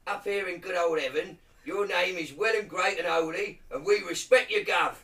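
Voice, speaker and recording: A man putting on a comic Cockney voice to recite a prayer, loud and high, tripping over the words, slightly off-mic with faint noise. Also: moderate pace, recorded from a distance. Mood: mock reverent. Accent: Cockney, put on. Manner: loud, jokey, high and stumbling.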